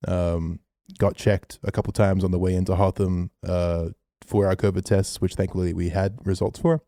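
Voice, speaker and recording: A man's voice: sits low, moderate pace, dry recording, studio quality. A young man on a podcast, telling a story casually and swearing often. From Australia. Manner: animated storyteller, swears a lot. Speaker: podcast co-host.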